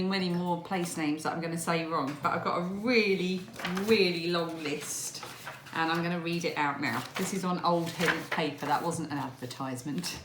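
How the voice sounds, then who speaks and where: A woman's voice: fairly low pitch, a bit bright, echoey room, slight background noise. A woman from England, chatting casually in a home vlog and laughing often. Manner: chatty, laughs often, reads a long list. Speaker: vlogger. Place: home room at a table.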